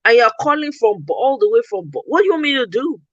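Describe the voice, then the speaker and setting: A woman's voice: sits high, quick pace, no echo, highs cut off. A Nigerian woman hosting a casual talk, telling a story with animation and acting out what she said. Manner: animated storytelling, acts out her own quoted replies. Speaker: podcast host. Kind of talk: casual chat.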